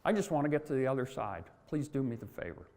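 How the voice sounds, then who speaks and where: A man's voice: mid-range voice, very animated, fast, darkish tone, big-room sound, natural voice. A man voicing a sly, polite male scorpion in a fable, wheedling in a formal, courteous way. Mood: polite pleading.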